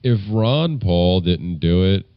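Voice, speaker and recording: A man with an extremely deep voice co-hosts a casual political podcast, loud and argumentative. The recording is dry and a little dull, like a lo-fi home setup. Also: animated, slow, smooth, dry recording. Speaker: podcast co-host.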